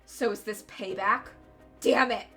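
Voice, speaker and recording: A woman voicing a tough male detective from a game, curt and gruff with dry sarcasm. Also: medium pitch, unhurried, bright, forceful tone, faint music behind. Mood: wary. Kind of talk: reading a game aloud with voices.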